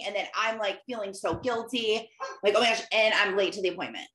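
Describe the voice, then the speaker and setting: A woman hosting a casual live call, telling stories in an animated way and acting out her own lines with big jumps in pitch. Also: fast. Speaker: host, life coach. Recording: echoey room.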